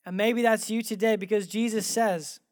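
A man's voice: high voice, steady tone, moderate pace, darkish tone, dry recording, studio quality. A man preaching a sermon in a conversational, storytelling way, animatedly acting out the dialogue in his stories. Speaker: pastor.

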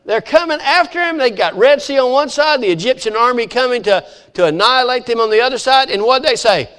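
A man preaching with a high, sing-song voice. He retells the story with animated, acted-out voices for each character. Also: a little fast, clean tone. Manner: animated storytelling, acting out voices of biblical figures. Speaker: pastor. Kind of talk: sermon.

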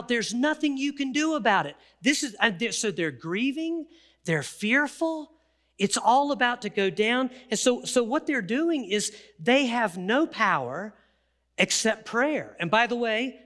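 Male pastor, sermon delivery, high and bright, animated storyteller. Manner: animated storytelling, acts out quotes.

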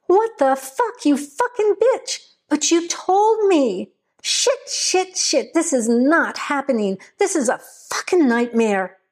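Woman reading as a hot-tempered young man on the run, swearing and demanding, pitched fairly high. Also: lively intonation, normal speed. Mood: furious.

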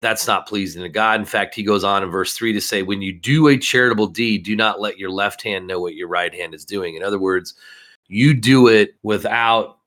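A man's voice: lowish voice, normal speed, a bit bright. A man hosting a Bible discussion, reading verses aloud and explaining them earnestly.

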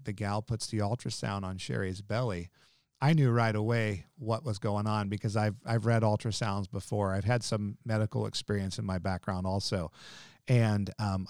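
A man's voice: on the low side, fairly even intonation, normal speed, darkish tone, clean tone, no echo. Heartfelt man, dry close sound. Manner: heartfelt, repeats and restarts words. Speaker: ministry director, guest. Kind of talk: emotional personal conversation.

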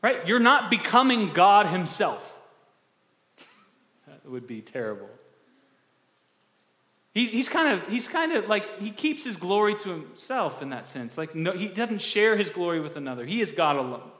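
A male pastor preaching a conversational sermon, asking the congregation questions and restarting words in quick bursts. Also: sits high, sing-song, fairly bright tone. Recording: echoey hall with long reverb.

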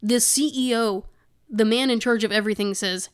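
A woman's voice: a little high, normal speed, smooth. A woman co-hosting a casual podcast, reading news excerpts aloud and adding indignant, sarcastic comments. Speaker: podcast co-host.

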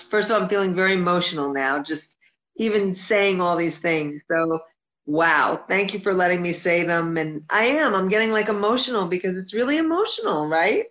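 A woman's voice: mid-range voice, fairly bright tone. A woman singer-songwriter talking as an interview guest, heartfelt and emphatic, often repeating her points. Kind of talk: earnest interview talk. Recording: dull lo-fi sound.

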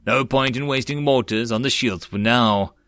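A man doing a calm military commander. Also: medium pitch, normal speed, smooth, close to an everyday voice. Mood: commanding.

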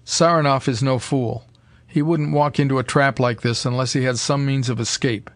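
A determined, clipped scientist-detective, as a male narrator reads him. The voice is a middle-pitched man's, decisive in tone and recorded close and dry. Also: fairly even intonation, normal speed, no room sound, close to an everyday voice. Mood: doubtful.

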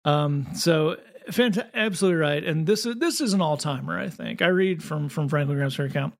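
Brief: wry Southern co-host with a gravelly, fast-running voice. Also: male voice, a little high. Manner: quick, wry, with frequent restarts. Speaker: podcast co-host. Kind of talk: casual comedic chat.

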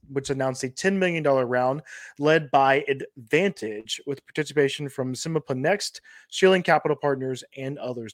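Here a man with a medium-pitched voice hosts a podcast, drifting between casual sports talk and reading off funding news. He's hesitant and repeats himself often; the recording is studio quality with no echo.

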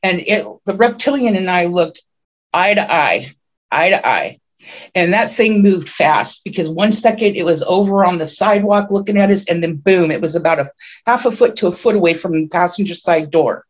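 A woman guest on a podcast, telling a long personal story in a rambling way with many restarts, who gets excited at the tense parts. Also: normal speed. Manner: grows excited and high-pitched when telling the tense parts. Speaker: podcast guest, self-described oracle.

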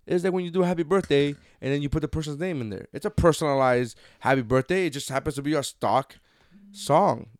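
A man's voice: fairly high pitch, quick pace, dry recording. Joking, swearing man in casual banter. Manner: joking, swears freely, teasing. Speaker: podcast co-host. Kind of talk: casual banter with his wife.

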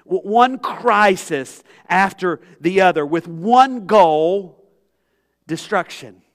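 A male pastor delivering an impassioned sermon. His voice sits a touch high for a man, and he moves from loud, urgent stretches down to hushed near-whispers. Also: animated, slow. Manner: impassioned, swings from loud pleading to hushed tones.

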